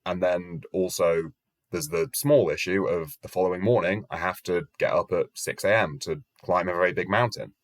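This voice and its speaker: With a low-pitched voice and moderate pace, a young man in his twenties tells a travel story for his vlog, wry and self-mocking, with casual swearing. The recording is dry, with music running beneath his voice.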